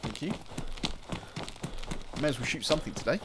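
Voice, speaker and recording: British streamer, male, mid-pitched, chatty rambling commentary over heavy game noise. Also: animated, normal speed. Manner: rambling, chatty, repeats and restarts phrases. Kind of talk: live gameplay commentary. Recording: loud game sounds behind voice.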